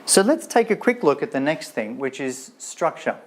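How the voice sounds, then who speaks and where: Male lecturer, lively storyteller asking the audience questions. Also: fairly high pitch, normal speed. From Australia. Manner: animated storytelling with rhetorical questions and playful asides. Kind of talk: Bible lecture.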